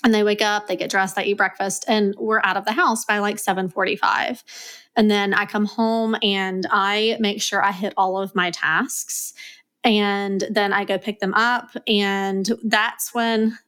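Brisk Southern woman guest. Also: mid-range voice, level tone, sharp tone, smooth. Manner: brisk, organized, listing routines step by step. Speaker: guest, executive assistant. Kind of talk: casual podcast chat.

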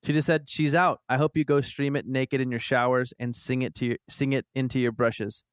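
A man's voice: medium pitch, little pitch movement, a little fast, clear, resonant tone, no echo, studio quality. A man co-hosting a podcast in casual chat, playful and teasing. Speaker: podcast co-host.

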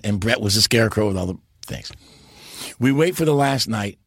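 A man in his sixties, an interview guest, telling stories in an animated way and breaking into impressions and big laughs. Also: mid-range voice, moderate pace, no room sound, studio quality. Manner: launches into impressions and laughs loudly. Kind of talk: animated storytelling.

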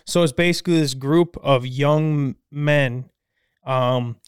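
A man's voice: medium pitch, slow, smooth, dry recording, clean studio sound. A young man, co-hosting a casual chat, telling stories with laughs and casual swearing. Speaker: podcast co-host.

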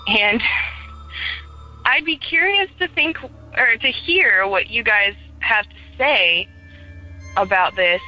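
A woman's voice: medium pitch, no echo, muffled recording. A young woman calling in to tell a ghost story in casual first person, chatty and full of "like," acting out the dialogue as she goes. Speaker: caller sharing a ghost story.

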